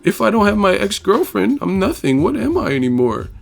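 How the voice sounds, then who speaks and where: A man putting on a self-pitying crybaby who whines in a high, wobbling falsetto, far above a normal speaking voice. The delivery is mocking and exaggerated, with soft music faintly underneath. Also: very animated, a little fast, vocal fry, exaggerated voice. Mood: whining mockery. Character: whiny self-pitying crybaby, adult, despairing.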